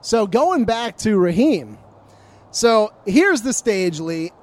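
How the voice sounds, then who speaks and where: High-voiced guy telling a sports story on a podcast, gets animated quoting people. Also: takes it slowly. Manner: animated storyteller, acts out quoted arguments. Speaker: sports reporter recounting stories. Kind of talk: casual podcast chat.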